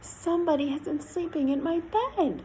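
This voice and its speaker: A woman voicing a quiet, gentle mother bear in a storybook tale, in a raised, soft voice. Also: extremely high pitch, moderate pace, slight background noise, voice pushed up, rough recording.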